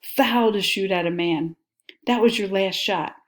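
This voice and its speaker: A woman's voice: medium pitch, a little slow, lightly acted. Woman reading as outraged rowdy young men.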